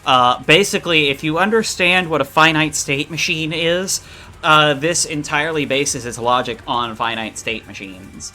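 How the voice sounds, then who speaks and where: A man's voice: a little high, pushed and bright, slight background noise. A man streaming his game development, chatting casually and explaining code with jokes. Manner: slow, explanatory, joking asides. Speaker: streamer and modder. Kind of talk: casual dev stream chat.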